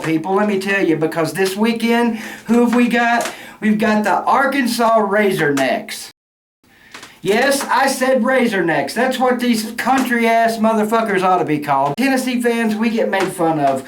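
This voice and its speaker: A man's voice: high voice, animated, a little slow. Middle-aged man, hot-headed fan rant, heavy cussing, echoey room with faint hiss. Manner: angry, cussing, loud outbursts. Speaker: sports fan vlogger. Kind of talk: profane ranting fan rant. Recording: roomy echo, faint noise.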